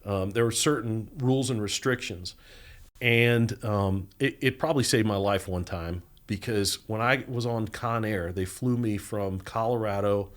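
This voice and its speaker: Low-voiced man telling a lively story. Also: unhurried. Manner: animated storyteller, acts out quoted voices, laughs often. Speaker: podcast guest. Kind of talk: storytelling interview.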